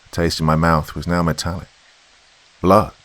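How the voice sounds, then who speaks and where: A man reading a horror story as a podcast narrator in a slow, brooding way. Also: extremely low pitch, monotone, a bit bright, dry recording.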